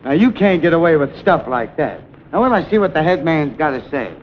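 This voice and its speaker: A flustered firing-squad commander. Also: male voice, a little fast, slight background noise. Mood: fussing. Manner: excitable, flustered and giggly, swinging wildly in pitch. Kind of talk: 1920s film comedy sketch. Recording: muffled 1929 film soundtrack.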